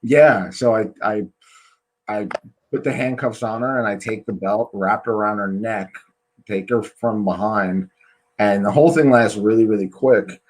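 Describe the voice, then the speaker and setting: A man's voice: on the low side, moderate pace, slight background noise, poor audio. A man hosting a podcast interview, telling frank stories in casual chat with many fillers. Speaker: podcast host.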